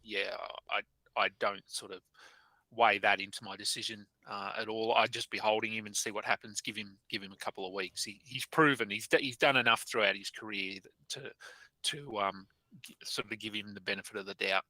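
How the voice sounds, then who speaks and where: A man's voice: fairly low pitch, steady tone, fairly quick, bright, forceful tone, dry recording, poor audio. A man co-hosting a live stream in casual chat, hesitant and full of restarts. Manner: hesitant, many fillers and restarts. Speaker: podcast co-host.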